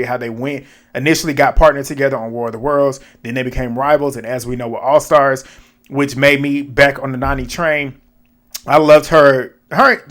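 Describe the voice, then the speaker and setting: A man's voice: mid-range voice, a bit bright. A man giving a casual, slangy recap of a reality show, retelling scenes in an amused way.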